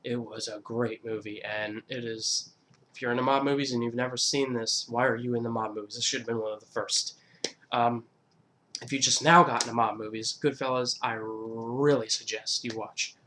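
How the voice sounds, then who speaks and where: A man in a middle pitch, chatting loosely through a countdown for his channel. He rambles with fillers and restarts and swears freely. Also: steady tone, moderate pace, pushed and bright, slight background noise. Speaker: YouTuber. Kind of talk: casual movie countdown.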